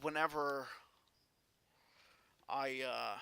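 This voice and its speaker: A man vlogging a personal story in an earnest, halting way with frequent restarts. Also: medium pitch, steady tone, vocal fry, pushed and bright, clean tone.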